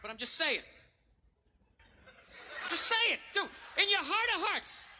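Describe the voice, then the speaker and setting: A man doing stand-up comedy on stage, ranting in an exasperated way and yelling back at the crowd. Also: very high-pitched, big pitch swings, a little slow, a little hiss or hum. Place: stage of a live comedy special.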